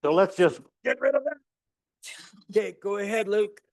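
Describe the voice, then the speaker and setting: A middle-aged man teaching a university physics lecture, explaining with stories and demos in an animated storytelling way. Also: moderate pace, gravelly, no echo. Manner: animated storyteller, acts out dialogue with rising pitch. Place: lecture hall.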